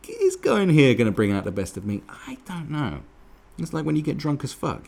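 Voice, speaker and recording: A man's voice: on the high side, wildly swooping pitch, normal speed, vocal fry, hardly any pauses, a little mellow, breathy edge. A man giving a profane, mocking commentary rant as host of his own channel. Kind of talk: ranting commentary.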